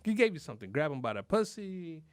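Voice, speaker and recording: A man with a high, lively voice hosts a casual podcast, joking, cursing and laughing as he riffs. His voice is animated and swoops up and down. The studio sound is dry and close. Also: fast, clear, resonant tone, no echo. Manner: animated, profane, riffing with laughs. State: sweating. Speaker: podcast host. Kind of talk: casual comedic talk.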